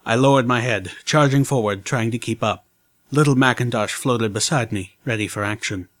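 A man reading a first-person story aloud in measured, scripted narration. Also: medium pitch, fairly bright tone. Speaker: audiobook narrator.

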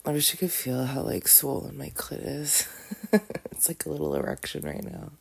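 A woman recording a casual, intimate audio diary from bed with a groggy morning voice, drowsy and soft, often sliding into a half-whisper. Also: a bass voice, big pitch swings, measured pace, gravelly, pauses often, breathy edge. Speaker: audio diarist. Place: in bed at home.

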